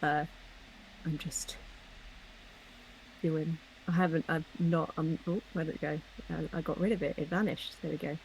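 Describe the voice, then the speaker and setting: A woman's voice: sits low, normal speed, pauses often, slight background noise, low-quality recording. A woman artist chatting casually and relaxedly while she draws on a live stream. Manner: relaxed, talks while working. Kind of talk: casual chat while drawing.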